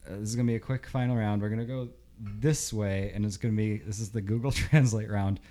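A man's voice: lowish voice, fairly even intonation, fast, warm tone. A man in his thirties hosting a casual group game chat in a playful way. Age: 30s. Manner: playful, leads the rounds. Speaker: game host.

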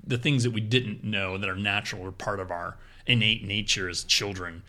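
A man chatting casually on a podcast about improv, animated and quick to laugh. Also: fairly low pitch. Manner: animated, laughs often, jumps into playful quoted voices. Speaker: improv performer, podcast guest.

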